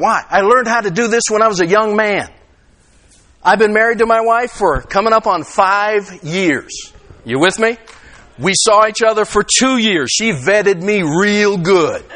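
A man in his sixties preaches in a loose, animated style, acting out quoted lines and asking his listeners if they are with him. His voice sits high and bright, swinging widely in pitch. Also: unhurried. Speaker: pastor. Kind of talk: conversational sermon.

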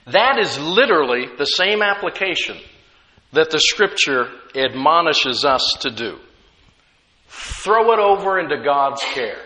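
Lively bright-voiced pastor preaching in a hall. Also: male voice, fairly high pitch, a little slow, a little hiss or hum. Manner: conversational preaching with rhetorical questions. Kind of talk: sermon.

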